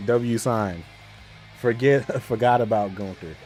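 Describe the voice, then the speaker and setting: A man streaming a casual live watch-along, talking excitedly with slang, laughing often and repeating himself. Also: medium pitch. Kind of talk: casual live reaction chat.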